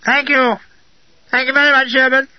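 A man's voice: very high voice, level tone, normal speed, lo-fi sound, voice pushed up. A man voicing a bored upper-class army lieutenant, languid and plummy. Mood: grateful.

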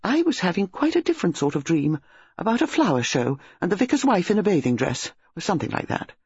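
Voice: medium pitch, very animated, fast, darkish tone, husky, dry recording, pitched above the performer's own voice, full character voice. A reader voicing an insistent upper-class English wife who speaks urgently and firmly, in a dull lo-fi storybook recording. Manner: urgent, firm.

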